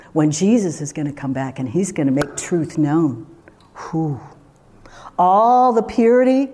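A woman's voice: low voice, dark tone, husky. A woman preaching a sermon in a conversational, emphatic way, full of rhetorical questions.

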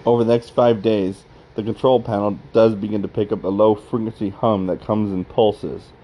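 Male reader for a horror log: low, mellow, plain matter-of-fact delivery. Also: flat delivery, moderate pace, slight background noise, rough recording. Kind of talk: reading a horror log aloud.

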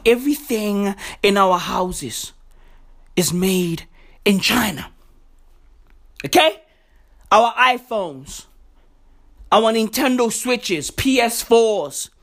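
High, slow-talking man in a profane rant. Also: creaky. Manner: shouting, swinging pitch wildly, heavy slang. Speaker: vlogger. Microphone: home recording setup.

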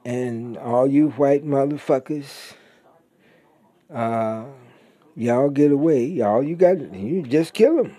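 A man delivering an angry, profane monologue as a podcaster, blunt and mocking, leaning hard on drawn-out words. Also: medium pitch, mellow, breathy edge, dry recording.

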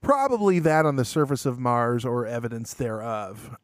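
Guy on a podcast telling stories, jokey and animated, mid-pitched voice, dry close sound. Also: normal speed, no echo. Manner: animated storyteller, jokey, laughs often. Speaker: podcast co-host. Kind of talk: casual podcast chat.

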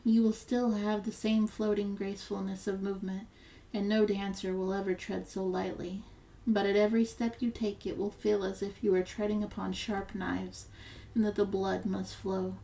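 A woman's voice: medium pitch, level tone, normal speed, vocal fry, mellow, far from the mic, close to an everyday voice, poor audio. A woman voicing a scheming old sea witch in a storybook reading, blunt and warning.

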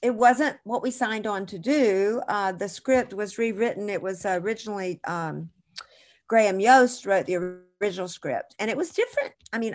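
A middle-aged woman guest in an interview, telling chatty, animated anecdotes with frequent restarts. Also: mid-range voice. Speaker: actress guest. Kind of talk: casual interview storytelling.

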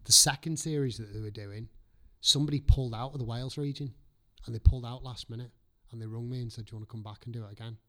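A man's voice: mid-range voice, fairly even intonation, fast talker, hardly any pauses, fairly bright tone. A man, a chef chatting as a guest, telling his story casually, swearing freely and acting out his own past thoughts. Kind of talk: casual podcast chat.

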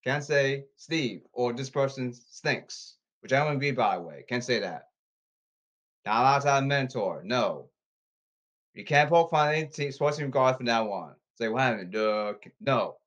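A man's voice: mid-range voice, animated, a bit bright, muffled recording. Insistent rambling man reading rules. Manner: repetitive, insistent, halting restarts. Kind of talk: rambling monologue to camera. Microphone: phone.

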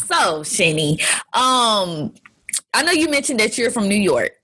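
Southern nc woman hosting, playful and animated, bright slightly husky voice. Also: medium pitch, measured pace. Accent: North Carolina Southern. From North Carolina. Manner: animated, playful, laughs easily. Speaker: podcast host. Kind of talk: casual interview chat.

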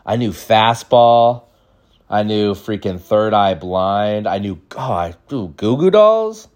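A man in his thirties doing a comedic storytelling monologue, rambling with lots of "like" and "dude.". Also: fairly low pitch. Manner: animated, jumps into quick voices. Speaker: podcast host.

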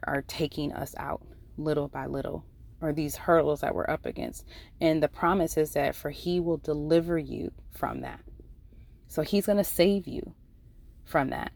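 A woman's voice: deep voice, creaky, a little mellow. A woman who works as an ICU nurse, giving a Bible devotional talk in an earnest, conversational way with many fillers and restarts. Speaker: devotional podcast host.

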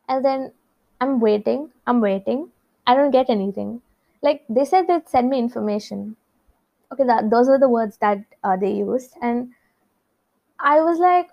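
A woman's voice: a little high, moderate pace. A young woman telling a rambling personal story in a chatty, casual way. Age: young adult. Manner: chatty, rambling, with many asides. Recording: slightly dull lo-fi recording.

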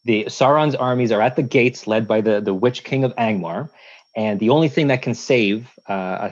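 A man from Canada, a lawyer guest on a podcast, building long measured points with analogies and restarts. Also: lowish voice. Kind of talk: casual conversational interview. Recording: dull lo-fi sound.

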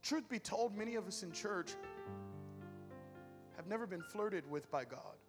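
A man's voice: high-pitched, expressive, measured pace, in a large hall, over music. A man preaching a sermon with humor, telling stories animatedly to his church. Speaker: pastor. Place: church hall with music.

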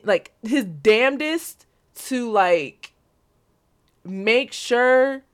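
A woman's voice: medium pitch, a bit bright. Young woman, podcast host, casual solo rant, blunt and cussing, lots of "like". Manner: blunt, profane, emphatic, repeats "like" constantly.

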